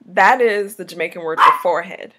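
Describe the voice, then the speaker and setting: A woman co-hosting a home vlog, casually teaching words, often laughing and slowly repeating words to coach. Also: fairly low pitch, bright, forceful tone.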